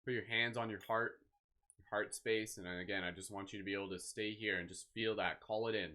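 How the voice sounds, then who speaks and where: A man leading a live guided meditation, speaking slowly and soothingly with gentle encouragement. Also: fairly low pitch, fairly even intonation. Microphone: live stream microphone.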